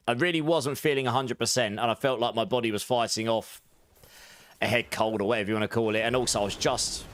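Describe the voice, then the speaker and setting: A man's voice: mid-range voice, fairly bright tone. A young man livestreaming a game, chatting casually with his viewers and thanking them, his voice a little sore. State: slightly sore voice. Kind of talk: casual gameplay chat with viewers.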